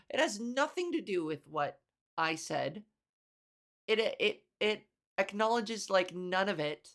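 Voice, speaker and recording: A woman comedian hosting her own podcast, ranting casually with sarcasm, profanity and quick laughs. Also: mid-range voice, expressive, a bit bright. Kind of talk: casual solo podcast rant.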